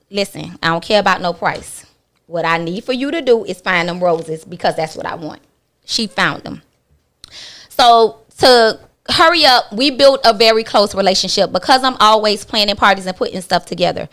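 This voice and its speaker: A woman's voice: mid-range voice, normal speed. A woman guest on a talk radio show tells a personal story candidly, acting out other people's lines as she goes. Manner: animated, acts out other people's lines in her retelling; blunt and candid, with casual swearing.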